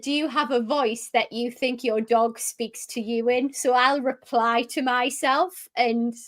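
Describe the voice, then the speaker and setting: A woman's voice: on the high side, fairly even intonation, measured pace, fairly bright tone. A woman co-hosting a casual live stream, playful and giggly. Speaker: co-host.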